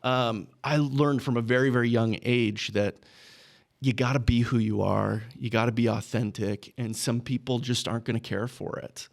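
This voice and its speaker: A man's voice: medium pitch, fairly even intonation, normal speed, gravelly. A man from Texas casually telling a story as a podcast guest. He chuckles through his anecdotes and keeps checking in with "right?". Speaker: podcast guest, business owner.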